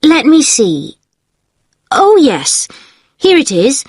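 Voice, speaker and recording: A woman voicing a polite hotel receptionist with a slightly high, lively voice. She speaks slowly and formally, in a dry studio sound. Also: no room sound, heavily acted. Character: courteous female hotel receptionist. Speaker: hotel receptionist in a listening test dialogue. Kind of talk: scripted exam dialogue.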